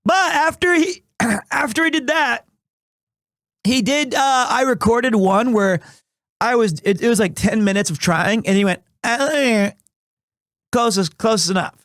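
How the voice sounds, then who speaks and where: A man in his thirties streaming live, chatting casually in a rambling, animated way with restarts, recovering from asthma and clearing his throat. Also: extremely high pitch, unhurried, dry recording, studio quality. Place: small home room.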